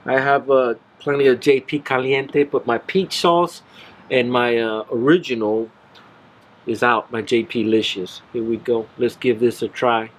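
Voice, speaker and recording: A man's voice: mid-range voice, steady tone, a little slow. Easygoing man hosting a barbecue vlog. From Central Florida. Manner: easygoing, enthusiastic, exclaims often. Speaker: barbecue channel host. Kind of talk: casual cooking vlog.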